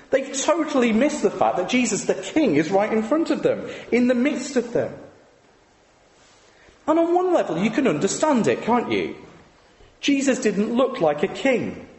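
A man's voice: sits high, a little mellow. A man preaching a sermon, conversational and full of rhetorical questions. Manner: conversational, asks the congregation rhetorical tag questions. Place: church. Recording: echoey hall with long reverb.

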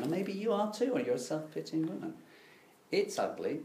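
A man's voice: a little high, very animated, normal speed, a little mellow, echoey room, slight background noise. A middle-aged man preaching a sermon, telling stories with dry, self-deprecating irony.

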